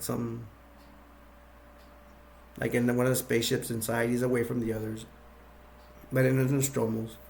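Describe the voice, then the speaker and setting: A man with a rough, gravelly edge at an ordinary pitch recaps a movie's plot off the cuff. He rambles, fills gaps with ums, and restarts his sentences. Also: a little hiss or hum. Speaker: movie reviewer. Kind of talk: casual plot retelling. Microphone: attached to a bag.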